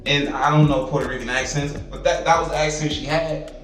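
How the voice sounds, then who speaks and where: A man's voice: fairly high pitch, steady tone, brisk, recorded from a distance, over music. Young man ranting in an echoey room. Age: young adult. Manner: profane, exasperated ranting. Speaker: vlogger. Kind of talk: casual ranting vlog.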